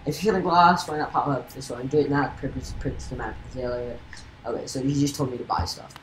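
Woman let's-play host, very deep voice, rambling and self-mocking, in a roomy room with background noise. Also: fairly quick. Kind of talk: casual gameplay commentary.

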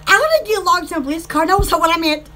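Southern lady selling stuff on a live stream, real high voice that bounces all over, giggles a lot, keeps losing her train of thought. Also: animated, fast, bright, forceful tone. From Alabama. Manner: giggly, rambling, easily distracted. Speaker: online shop seller. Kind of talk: casual live-stream chat.

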